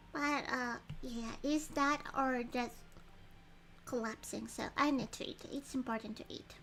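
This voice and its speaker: Woman game streamer, casual and chatty, many ums; high pitched, crisp and bright. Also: fairly even intonation, measured pace. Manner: chatty, giggly, frequent ums. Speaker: streamer playing a story game. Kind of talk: casual livestream chat and reading game text aloud.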